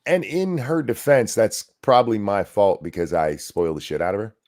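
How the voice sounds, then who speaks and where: A low-voiced man hosts a casual chat show, unhurried and loose, telling stories with plenty of swearing. He sounds sore and short on sleep. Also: a little mellow. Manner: laid-back storytelling, swearing freely. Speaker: podcast host.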